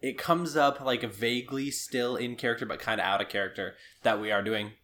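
Bright-voiced Midwestern man, chatty. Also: mid-range voice, fairly even intonation, brisk. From Midwest United States. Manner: chatty, self-deprecating storyteller. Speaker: podcast co-host. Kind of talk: casual chat.

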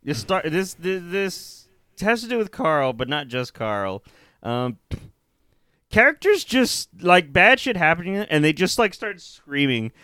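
Casting: male podcast co-host, slightly high, crisp, very animated delivery, swears a lot, dry close sound. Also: measured pace, dry recording. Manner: animated, profane, mimics screams. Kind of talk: casual chat.

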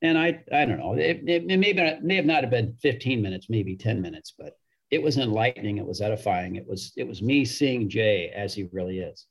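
A man's voice: lowish voice, a little fast, gravelly. A man telling a casual anecdote, chatty, repeating words as he goes and acting out the quotes. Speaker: guest storyteller.

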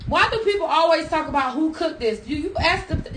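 A woman's voice: high-pitched, animated, a little fast. A woman, co-hosting a casual podcast, blunt and profane, often preaching at her listeners. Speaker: podcast co-host. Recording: echoey room with clear noise.

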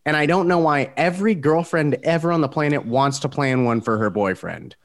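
A man in casual podcast chat, giving strong opinions in an animated rant. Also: on the high side, a little fast. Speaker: podcast co-host.

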